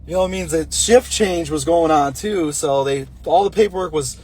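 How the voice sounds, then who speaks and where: Young guy talking from his car, bit raspy, rambling and blunt. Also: on the high side, moderate pace, darkish tone. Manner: blunt, rambling, talks with nicotine pouch in mouth. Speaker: vlogger telling a personal story. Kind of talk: casual storytelling monologue.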